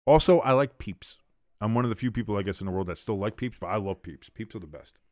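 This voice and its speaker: A man's voice: fairly low pitch, quick pace, darkish tone, no room sound. A man hosting a sports watch-along stream, chatting casually between play-by-play calls, rambling with fillers, restarts and casual swearing.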